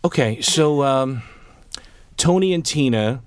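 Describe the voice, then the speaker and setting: A man speaks at an ordinary pitch with a wry, playful turn. His voice sounds dry and close, with almost no room around it. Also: lively intonation, slow, clear, resonant tone, no room sound. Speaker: podcast guest, actor. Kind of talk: casual chat.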